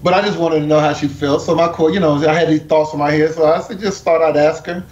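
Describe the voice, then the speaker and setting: A man's voice: fairly high pitch, fast. A man, a guest songwriter, chatting casually on a radio show about his songs, often repeating words. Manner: relaxed, repeats words while talking. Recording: echoey, dull, lo-fi with faint hiss.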